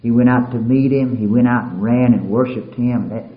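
Male preacher, sermon delivery that swings from quiet murmur to loud, high cries, in a roomy, muffled recording. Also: steady tone, brisk. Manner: swings from hushed and low to soaring shouted peaks.

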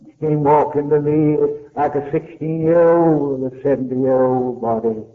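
An older man preaching a sermon, telling a story with passion and wide swings of pitch. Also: little pitch movement, normal speed. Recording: tinny phone-like old tape.

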